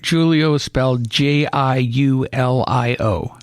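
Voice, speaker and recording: A man's voice: medium pitch, takes it slowly, smooth, no room sound, clean studio sound. A man co-hosting a radio show, chatting casually with many fillers and easy laughs.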